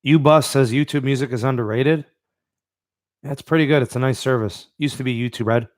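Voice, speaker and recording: A man's voice: medium pitch, fairly quick, no room sound, studio quality. Laid-back man hosting a live podcast. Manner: laid-back, reads out live chat, many fillers. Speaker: podcast host. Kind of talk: live-stream podcast chat.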